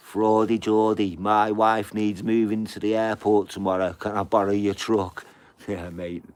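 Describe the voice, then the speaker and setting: Middle-aged man, deep low voice, loose sweary live-stream patter, rambling home chat. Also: little pitch movement, a little slow. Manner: casual, sweary, repeats fillers like "you know".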